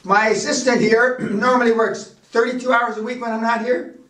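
Brash, profane American seminar speaker, echoey. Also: male voice, extremely high pitch, flat delivery, moderate pace, a bit bright. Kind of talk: profane motivational seminar talk. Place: seminar room in a castle. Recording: echoey room, speaker far from mic.

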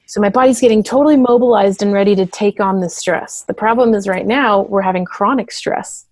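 A woman therapist explaining things in conversational interview talk, and at times acting out quick voices. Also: medium pitch, darkish tone, no echo. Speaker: therapist and parent coach.

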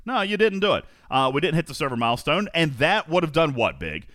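A man hosting a live gaming podcast, energetic and emphatic, often repeating phrases for effect and talking directly to his co-host and listeners. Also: a little high, a little fast, no room sound, clean studio sound.

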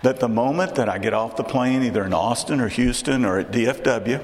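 A man's voice: medium pitch, brisk, long reverb tail. A man with a Texan accent preaching a sermon in a conversational way, often repeating and restarting phrases. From Texas.

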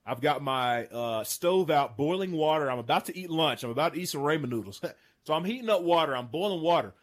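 A man in his thirties hosting a casual chat, telling a hunting story with excitement and frequent laughs. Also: a little high, a little fast. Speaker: podcast host. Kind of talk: casual storytelling among friends.

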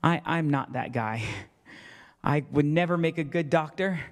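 A male pastor preaches in a church, his slightly high voice ringing with a long hall reverb. He tells a story about himself with self-deprecating humor and acts out the people in it. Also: a little slow. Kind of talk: sermon.

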